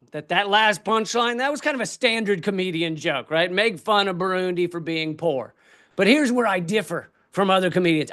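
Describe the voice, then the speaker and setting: A high-pitched man delivers a stand-up comedy keynote. He rants with animated energy, swears freely and jumps between shouted outbursts and quick asides. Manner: ranting, profane, animated.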